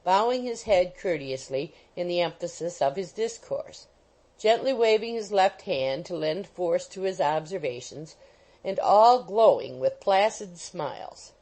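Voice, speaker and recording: A woman narrating a classic novel as an audiobook, reading in a measured, expressive way. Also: on the low side, low-quality recording.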